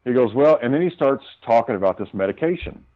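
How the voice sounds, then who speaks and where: Talking fast with lively intonation at medium pitch, a male guest casually recounts his run-ins with doctors, retelling the arguments in a heated, profane way. The highs in the audio are cut off.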